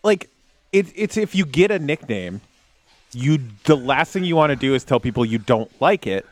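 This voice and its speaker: A man's voice: mid-range voice, normal speed. A man chiming in casually on a talk radio show as the producer, in a radio studio. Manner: lively, chiming in on the host's story.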